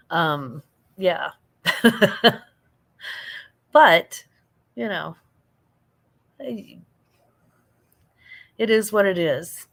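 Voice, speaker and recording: A woman's voice: fairly low pitch, fairly bright tone. Chatty American woman laughing through a livestream. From United States. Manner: chatty, laughs often, reads chat aloud. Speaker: livestream host. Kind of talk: casual late-night live chat.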